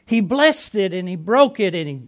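A man playing excitable fisherman Peter, high-voiced. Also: moderate pace. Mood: earnest storytelling. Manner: earnest, excitable storyteller. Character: Simon Peter, impulsive adult fisherman apostle. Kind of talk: first-person dramatic monologue.

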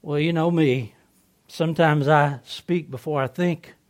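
A man playing the apostle Peter, an impulsive fisherman, telling his story in an earnest, excitable first-person dramatic monologue. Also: a little high, measured pace, close to an everyday voice. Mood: earnest storytelling.

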